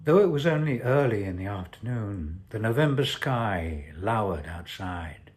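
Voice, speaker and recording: A man, an actor, reading his own short story aloud in a measured, deliberate way. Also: on the low side, expressive, a little mellow. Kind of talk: scripted story narration.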